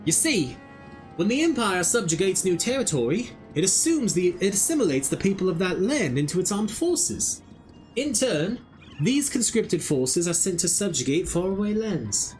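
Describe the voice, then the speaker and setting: A man's voice: high-pitched, very animated, normal speed, darkish tone, faint music behind, pitched above the performer's own voice. A man reading a courtly, coy merchant. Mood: smooth. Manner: formal old-fashioned phrasing. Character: smooth, courtly male merchant feigning humility.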